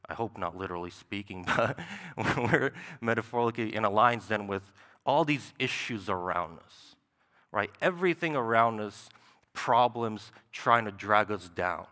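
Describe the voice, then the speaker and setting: A man's voice: lowish voice, lively intonation, a little slow, pushed and bright. A young man preaching a sermon in a church sanctuary, talking in a conversational way and often tossing in "right?". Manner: conversational, with frequent "right?" asides. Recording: long church hall reverb.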